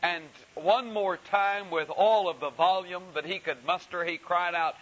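A man preaching a sermon, telling a story slowly and deliberately with frequent pauses. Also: sits high, fairly even intonation, a bit bright. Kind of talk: sermon with anecdote. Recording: dull hissy recording.

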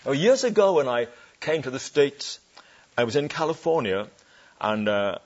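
A male preacher delivers a sermon in a church with a mid-range voice. He leans hard on scripture phrases and draws each one out slowly, and he throws rhetorical questions to the congregation. The recording sounds dull and lo-fi. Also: mid-range voice, big pitch swings.

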